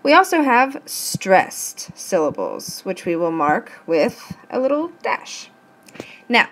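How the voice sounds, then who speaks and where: An encouraging woman teacher talks through a recorded lesson at a patient pace. She slows right down to sound out each syllable and stress, keeping her tone reassuring. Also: a little high. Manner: patient, encouraging, counts syllables aloud slowly. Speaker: English teacher.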